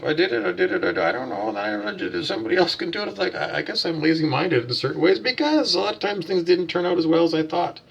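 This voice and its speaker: A man's voice: high voice, very animated, fast, vocal fry, few pauses, fairly bright tone, husky, muffled recording. A man delivering a blunt, profane, preachy vlog rant as a self-styled spiritual teacher, asking himself questions and answering them. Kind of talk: ranting vlog monologue.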